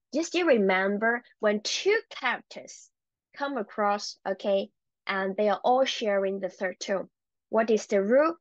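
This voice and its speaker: A woman teaching a Chinese language lesson, encouraging and repeating words slowly for learners. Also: mid-range voice, dry recording, highs cut off.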